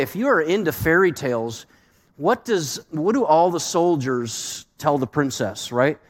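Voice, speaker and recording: A man preaching a sermon as pastor, asking the congregation rhetorical questions with shifting emphasis. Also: mid-range voice. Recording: long hall reverb.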